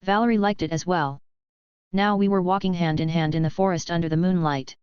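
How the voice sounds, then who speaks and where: A woman narrating a web novel audiobook in an even, steady reading voice. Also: lowish voice, a little fast, smooth, dry recording, lo-fi sound.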